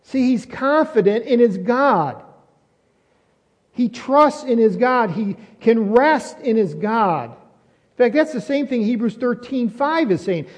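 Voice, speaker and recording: A man's voice: very high-pitched, animated, measured pace. A man preaching a sermon in a conversational way, asking rhetorical questions and often restarting his sentences. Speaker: pastor. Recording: muffled audio with long reverb.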